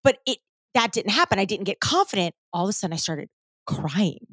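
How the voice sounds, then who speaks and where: A woman hosting a podcast, telling a personal story in a casual, animated way, swearing freely and talking straight to her listeners. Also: medium pitch, fairly quick, husky, no echo, studio quality. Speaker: podcast host.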